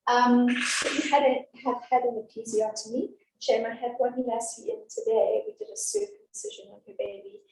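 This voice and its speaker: Woman teaching a class, down-to-earth and reassuring, a bit high, warm tone. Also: a little hiss or hum. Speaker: antenatal class educator. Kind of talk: informal class talk. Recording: echoey room from a distance.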